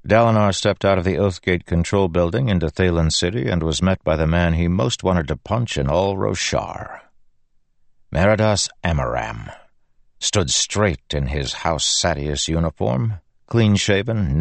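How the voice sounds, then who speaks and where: A man reading a fantasy audiobook in a steady, grave manner. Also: sits low, measured pace, gravelly, dry recording. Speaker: audiobook narrator. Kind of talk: scripted fantasy narration.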